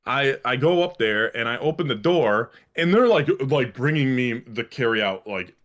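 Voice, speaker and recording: A man's voice: mid-range voice, animated, moderate pace, fairly bright tone. Rambling, profane podcast host, a man. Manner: rambling, profane, many fillers and restarts. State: a little winded. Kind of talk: casual chat.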